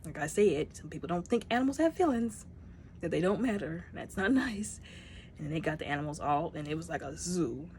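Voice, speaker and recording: Low-voiced woman chatting about a movie. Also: a little fast, a little hiss or hum. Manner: animated retelling, acting out characters' lines. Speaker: movie reviewer. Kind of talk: casual spoken movie review.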